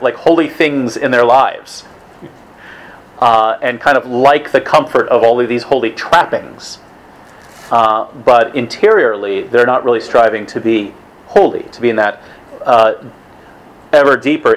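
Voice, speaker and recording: A man's voice: mid-range voice, moderate pace, low-quality recording. A man giving a conversational religious talk to a weekly evening group, casual in tone, with restarts and asides.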